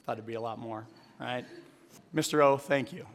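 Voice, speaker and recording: A man's voice: medium pitch, normal speed. A man preaching a sermon to a live audience, telling a story and then asking the audience earnest direct questions. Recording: long hall reverb.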